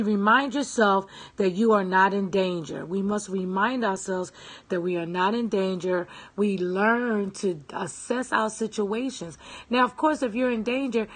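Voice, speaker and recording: A woman with a mid-range, slightly rough voice talks informally as a self-help speaker, emphasizing her ideas and saying key phrases again and again. She checks on her audience with "okay?" and "right?" and welcomes those joining live.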